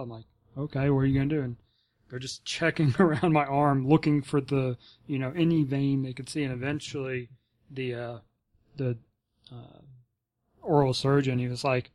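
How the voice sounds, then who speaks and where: A man tells a story on a podcast in a relaxed, halting way, with many fillers between phrases. His voice is mid-pitched and plain. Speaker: podcast co-host, military veteran. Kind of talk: casual podcast chat.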